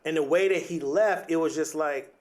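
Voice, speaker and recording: A young adult man with a voice on the high side hosts a podcast, speaking at a moderate pace. He delivers an earnest, reflective motivational monologue, frequently restarting and leaning on "like" and "right?"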